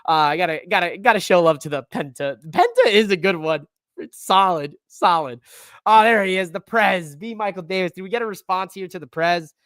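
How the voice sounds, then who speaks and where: Man hosting a live stream, casual rambling chat, slangy, slightly high voice, dry close sound. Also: lively intonation, brisk, a bit bright, clear, resonant tone, dry recording. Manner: loose, slangy, rambling with fillers. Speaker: wrestling podcast host.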